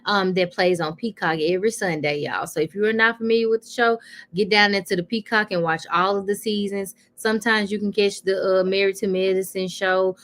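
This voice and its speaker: A woman's voice: mid-range voice, steady tone, brisk, a bit bright. A woman hosting a live celebrity gossip stream, chatting casually and calling her viewers y'all, with plenty of fillers.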